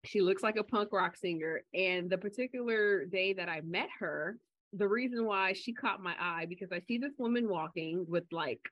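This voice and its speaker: A woman's voice: medium pitch, normal speed, no room sound. Woman, podcast co-host, casual chat, chatty storyteller, lo-fi dull sound. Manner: chatty storyteller, animated when quoting people. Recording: slightly dull lo-fi audio.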